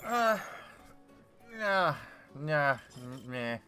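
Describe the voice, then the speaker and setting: A man's voice: on the high side, sing-song, drawn-out words, pushed and bright. A man playing a game on stream, commenting casually and swearing in exasperation. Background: faint game music.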